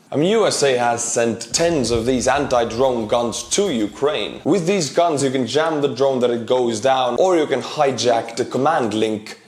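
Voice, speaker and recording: A man's voice: mid-range voice, a little mellow. Wry man narrating. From Estonia. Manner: dry, wry humor. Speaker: war commentary host. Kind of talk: narrated video commentary. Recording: roomy echo.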